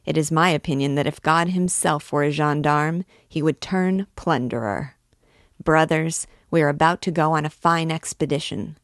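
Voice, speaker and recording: A woman's voice: sits low, moderate pace, no echo, clean studio sound. A woman reading aloud, voicing a brash, drunken young male student who boasts and swaggers. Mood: boisterous. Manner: boisterous, swaggering speech.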